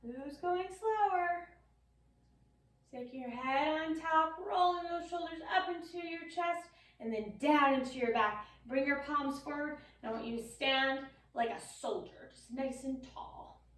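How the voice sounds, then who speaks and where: A bright, high-pitched woman with a New York accent leads a kids' yoga class with playful, encouraging cues. She sounds a little far from the mic, and her voice echoes around the room. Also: measured pace. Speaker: yoga teacher. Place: yoga studio.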